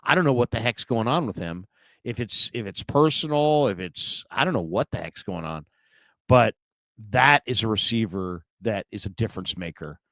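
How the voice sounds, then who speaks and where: A man's voice: lowish voice, lively intonation, moderate pace, a bit bright, no room sound. A man hosting a solo sports livestream, chatting in a rambling, casual way with lots of fillers. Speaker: podcast host.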